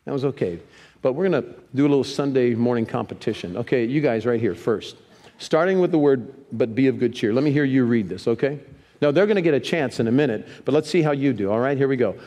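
A man preaching a sermon in a church, lively, leading the congregation in reading scripture aloud. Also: medium pitch, fast. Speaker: pastor. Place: church sanctuary. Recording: long reverb of a church hall.

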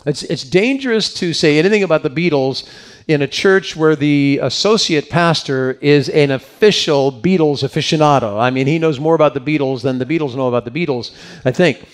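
A man's voice: on the high side, brisk. Rambling, chatty male preacher. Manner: rambling, with frequent asides and repeated words. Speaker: pastor. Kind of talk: conversational sermon.

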